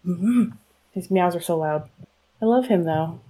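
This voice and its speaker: A woman's voice: on the low side, a little slow, warm tone. A woman chatting candidly and casually, laughing easily. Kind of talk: casual chat.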